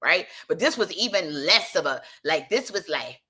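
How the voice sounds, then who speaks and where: A woman telling a story in casual chat, animated and profane, rambling through asides. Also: deep voice, moderate pace, husky.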